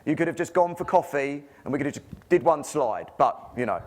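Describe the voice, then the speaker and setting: A man's voice: on the high side, animated, brisk, darkish tone. A man with an English accent giving a conference presentation as a physiotherapist, full of rhetorical questions and jokey asides.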